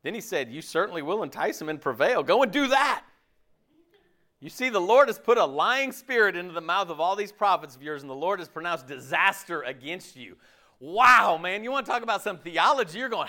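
A pastor giving a casual, jokey sermon, asking the audience questions and laughing often. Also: male voice, a little high, sing-song, moderate pace, sharp tone.

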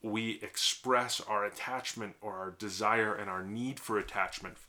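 A man's voice: lowish voice, steady tone, a little slow, bright, forceful tone. A man co-hosting a podcast, explaining relationship ideas in a thoughtful, rambling way with many fillers and restarts. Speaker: podcast co-host, marriage therapist. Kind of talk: casual conversational podcast.

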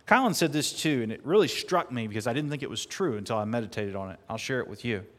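A man preaching a sermon earnestly, at times building to emphatic, louder peaks. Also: mid-range voice, lively intonation, fast. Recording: long hall reverb.

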